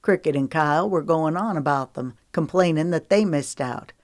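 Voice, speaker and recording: A woman's voice: sits low, moderate pace, no room sound, studio quality, close to an everyday voice. Woman voicing an easygoing teasing young man. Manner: relaxed drawl.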